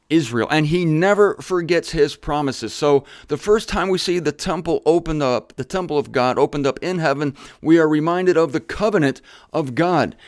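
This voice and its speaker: A man's voice: a little high, dry recording. A man giving an informal Bible teaching in a studio, with joking asides and rhetorical questions to his audience. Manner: hurried near the end. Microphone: studio camera setup.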